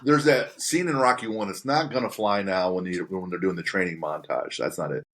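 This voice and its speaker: A man's voice: low voice, a little fast, fairly bright tone. Easygoing male podcast host. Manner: joking, easygoing, chuckles. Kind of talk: casual interview chat.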